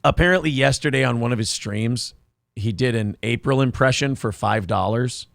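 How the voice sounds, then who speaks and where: Gravelly sarcastic male show host. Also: medium pitch, normal speed, no room sound, studio quality. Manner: sarcastic, animated, mocking. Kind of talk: casual chat.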